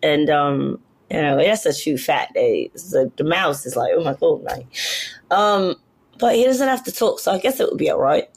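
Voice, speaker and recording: A woman's voice: deep voice, lively intonation, moderate pace, breathy edge. A woman with a Brooklyn accent chatting casually, rambling loosely with lots of fillers and laughs. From Brooklyn, New York. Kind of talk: casual chat.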